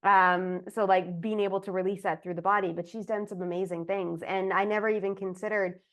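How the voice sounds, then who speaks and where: A woman's voice: mid-range voice, fairly even intonation, brisk. Giggly woman podcast host. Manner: warm affirmations, giggly, says "like" a lot. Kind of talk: casual podcast interview.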